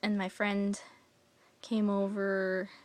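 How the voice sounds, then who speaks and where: Slow, rambling young woman vlogging. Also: mid-range voice, monotone. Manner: rambling, many fillers, drops into whispery asides. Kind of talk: casual vlog storytelling.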